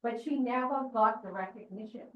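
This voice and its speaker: A woman's voice: fairly high pitch, moderate pace. A woman giving a teaching lecture on scripture, checking in with her listeners with questions as she goes. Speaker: church lecturer. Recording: distant echoey dull room recording.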